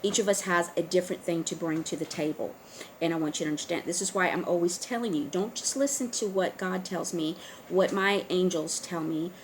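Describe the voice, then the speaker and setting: A woman talking straight to her viewers in a casual monologue, earnest and urging, often pausing on fillers and restarting. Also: lowish voice, slight background noise, poor audio. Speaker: online video host. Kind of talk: casual direct-to-camera monologue.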